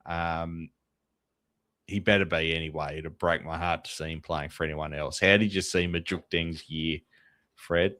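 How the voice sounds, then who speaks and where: A man's voice: rumbling low, fairly even intonation, moderate pace, bright, forceful tone, no echo. An Australian man hosting a casual sports podcast, chatty and openly a fan. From Tasmania, Australia. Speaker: podcast host.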